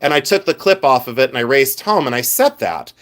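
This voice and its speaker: Chatty middle-aged man, animated rambling host. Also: medium pitch, a little fast. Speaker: jewelry collector hosting a live stream. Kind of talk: live stream chat showing jewelry.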